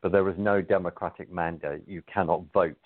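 A man with a very low voice comes through a thin, tinny phone line. He speaks earnestly as a guest on a political talk radio interview, pausing and reaching for his words. The sound is dry and close. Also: steady tone, breathy edge, no echo.

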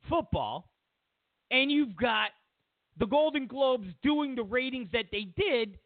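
A man hosting a talk show, giving opinionated political commentary in an animated, rambling way, with restarts and mocking quoted voices. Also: high voice, no room sound. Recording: dry, phone-like narrow sound.

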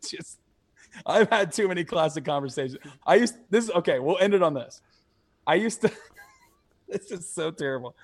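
A man's voice: on the high side, animated, moderate pace, long pauses. A young man co-hosting a podcast, telling stories in casual chat, swearing freely and laughing as he acts out other people's lines. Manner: profane, laughing, acts out quoted voices. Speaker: podcast co-host.

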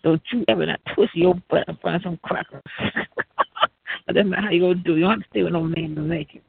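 Raspy high-voiced man on a tinny line. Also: steady tone, fast talker, no echo. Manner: profane, rambling, laughs often. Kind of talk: rambling monologue. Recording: tinny phone-like line, dry.

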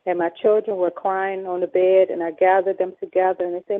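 A woman telling her story as a radio guest, acting out past dialogue with sharp emphatic peaks. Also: lowish voice, flat delivery, fairly quick. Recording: tinny phone line.

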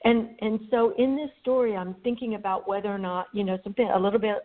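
A woman, a guest author, telling a personal story in a lively way and acting out bits of dialogue. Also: medium pitch, fast talker. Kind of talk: personal storytelling on a phone interview. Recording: phone line.

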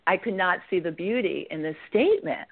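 A middle-aged woman with a lowish, gravelly voice talks as a podcast guest. She tells her own story in a candid, rambling way, full of fillers and restarts. Her voice comes through a thin, phone-like line. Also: expressive, brisk. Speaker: guest author. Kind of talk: personal storytelling in a podcast interview.

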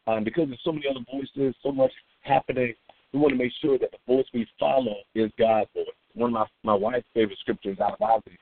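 A man's voice: medium pitch, steady tone, quick pace. A middle-aged man hosting a morning devotional call as a pastor, greeting listeners by name in a loose, chatty way between his points. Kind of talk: live-streamed morning devotional. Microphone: phone line. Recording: phone-line conference call audio.

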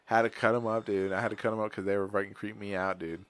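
A man's voice: lowish voice, level tone, fast talker, fairly bright tone, no room sound. A man hosting a podcast, telling stories in a rambling, profane, slangy way. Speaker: podcast host. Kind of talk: casual chat.

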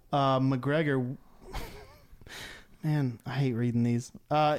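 A man co-hosting a comedic sports podcast, rambling and halting as he reads topics, laughing along. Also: a little high. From Atlanta area. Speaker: podcast co-host. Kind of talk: casual comedic sports chat.

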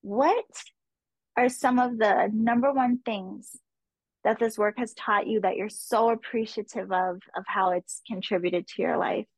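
A woman's voice: mid-range voice, steady tone, unhurried, dry recording, rough recording. A woman hosting a podcast, asking long, affectionate, rambling questions. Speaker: podcast host. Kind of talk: conversational interview.

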